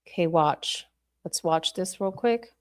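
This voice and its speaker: Slow-talking blunt woman livestreaming. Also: on the low side. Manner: blunt, profane, talks to viewers and chat; thinking aloud while replaying clips. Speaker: podcast host reviewing video footage. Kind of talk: casual livestream commentary.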